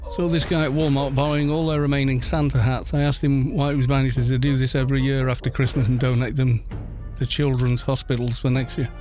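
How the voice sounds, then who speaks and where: A man with a medium-pitched, slightly mellow voice hosts a gaming channel. He chats wryly and wanders into asides while playing an online game, giving casual commentary.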